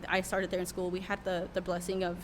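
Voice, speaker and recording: A woman's voice: lowish voice, monotone, fast talker. Young woman, worship leader, podcast guest, candid and emotional, faint background noise. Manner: candid, emotional storytelling with many fillers. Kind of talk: casual podcast interview.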